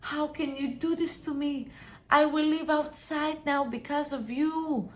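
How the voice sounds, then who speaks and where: A woman's voice: high voice, fairly even intonation, measured pace, pitched above the performer's own voice. A woman voicing a self-pitying family member who whines and accuses dramatically.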